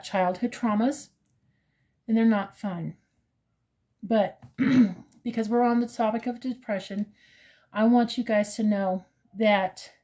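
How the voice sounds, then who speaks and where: A woman in her fifties, talking in a casual personal vlog with a hesitant, halting manner full of fillers, earnest and openly emotional. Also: medium pitch, dark tone. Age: 50s. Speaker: crochet vlogger.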